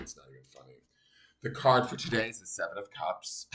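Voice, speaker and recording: A man's voice: on the low side, big pitch swings, moderate pace, fairly bright tone. A man giving a casual daily tarot reading, angry and venting as he explains the cards. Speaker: tarot reader. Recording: echoey room, faint noise.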